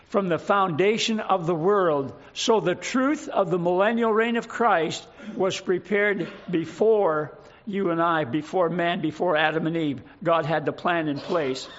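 A man preaching a sermon as pastor, praying and reading scripture aloud in a measured way. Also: high voice, dull audio. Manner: prayerful, measured, reading scripture in King James wording.

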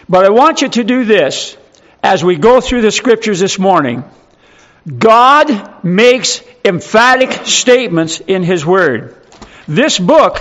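A man's voice: high voice, a bit bright, muffled recording. A male pastor preaching a sermon, emphatic and full of rhetorical questions.

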